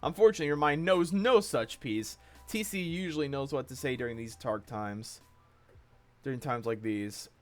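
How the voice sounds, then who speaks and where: A man streaming himself reading a webcomic aloud, with animated commentary full of swearing and excitable outbursts. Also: mid-range voice, normal speed, faint music behind.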